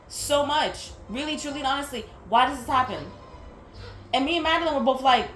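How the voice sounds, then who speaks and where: Young woman, high-pitched, candid storytime rant with plenty of cursing; roomy echo, faint music underneath. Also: lively intonation, brisk, a bit bright. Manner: candid and exasperated, swears freely, stumbles and restarts. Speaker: vlogger.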